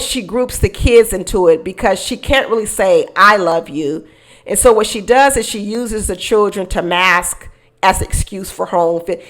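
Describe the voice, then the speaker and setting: A woman hosting casual reality-show commentary, animated, acting out quotes and laughing often. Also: medium pitch. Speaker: commentary channel host.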